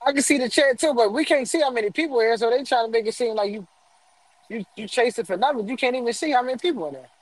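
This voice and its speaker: A man's voice: very high voice, quick pace, no echo, rough recording. A man co-hosting a livestream, chatting casually and asking questions.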